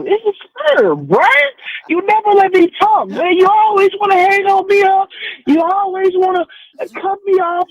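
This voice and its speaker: A man's voice: very high voice, heavily acted, poor audio. A man voicing a pushy, complaining male prank caller who keeps whining that he gets cut off. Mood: whiny. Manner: whiny, complaining, interrupting.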